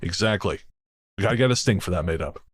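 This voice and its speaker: A man's voice: sits low, expressive, quick pace, breathy edge. A man co-hosting a spooky-stories podcast, chatting casually and reading a listener's story aloud, sardonic, swearing and laughing often. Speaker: podcast co-host.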